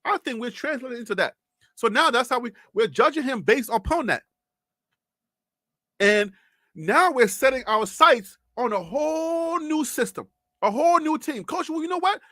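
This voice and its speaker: A man's voice: extremely high pitch, lively intonation, moderate pace, pushed and bright, no echo, studio quality. A man hosting a live sports talk show, speaking in an impassioned, pleading way and repeating himself. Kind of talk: live sports commentary monologue.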